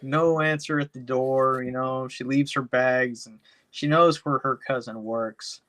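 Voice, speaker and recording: A man's voice: mid-range voice, fairly even intonation, unhurried, a bit bright. A man co-hosting a podcast, recapping a movie plot in a rambling, profane way, packed with "you know.". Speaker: podcast co-host. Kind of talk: casual chat, movie recap.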